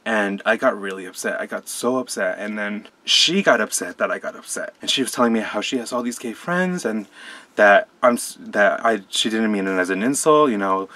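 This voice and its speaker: A young man from Colombia telling a personal story to camera, soft-spoken and hesitant, often restarting his sentences. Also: on the low side. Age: young adult. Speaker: vlogger. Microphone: camera mic.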